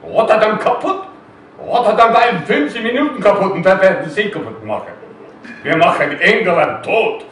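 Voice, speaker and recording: Guy putting on a wounded german airman, defiant, shouting threats, roomy hall, off-mic. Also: sits high, lively intonation, normal speed, far from the mic, slight background noise, pitched above the performer's own voice. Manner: declaiming loudly in rehearsed German.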